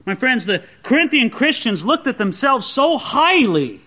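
A male preacher giving an animated sermon, addressing his listeners as friends and acting out the quotes he reads. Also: very high voice, measured pace.

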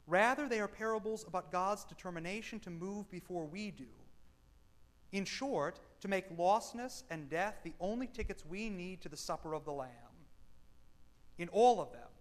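A man preaching a sermon and reading a passage aloud, with emphatic stresses that drop into quiet, blunt asides. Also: sits high, long reverb tail. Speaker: pastor.

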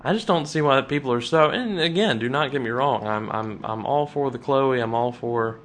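A man co-hosting a podcast in casual chat, ranting with frequent restarts and sudden jumps up in pitch. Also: normal speed, a little hiss or hum. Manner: animated, restarts often, rants with rising pitch. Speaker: podcast co-host.

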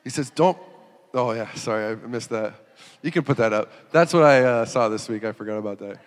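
A man preaching a sermon. He talks in an animated way, laughs, and acts out quotes in sudden loud, high bursts. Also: brisk. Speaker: pastor. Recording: reverberant hall.

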